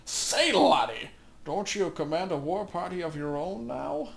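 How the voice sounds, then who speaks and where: A man playing a gruff old camp-follower woman. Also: fairly high pitch, animated, unhurried. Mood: brash.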